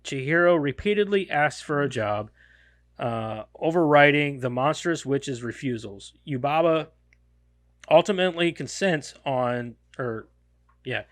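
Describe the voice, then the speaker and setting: A podcast host with a medium-pitched voice reads a film summary aloud in a casual way, stumbling and correcting himself. The recording has no echo.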